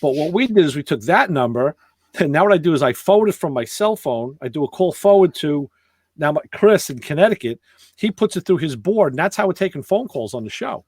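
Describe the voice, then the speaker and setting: A man's voice: a little high, a little fast, slightly rough, dry recording. A man hosting a podcast, telling stories in a casual chat and acting out the other people's lines. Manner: animated, acts out dialogue in voices. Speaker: podcast host.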